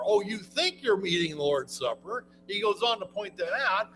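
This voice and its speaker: A man's voice: high-pitched, animated, normal speed, hardly any pauses, fairly bright tone, low-quality recording. A man preaching a Bible lesson in a folksy, conversational way, often restarting his sentences. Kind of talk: sermon, Bible class teaching.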